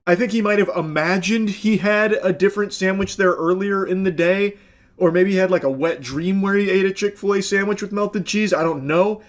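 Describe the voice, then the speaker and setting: A man's voice: high voice, normal speed. A man commenting on a video clip in a sarcastic, exasperated way, swearing bluntly. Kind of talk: reaction commentary.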